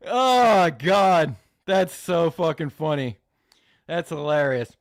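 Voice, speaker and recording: High-pitched guy reacting to clips on stream, slow and drawn out, cussing and hyped. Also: no room sound, studio quality. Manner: excitable, profane, mock-enthusiastic. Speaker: host reacting to videos. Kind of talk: live-stream reaction commentary.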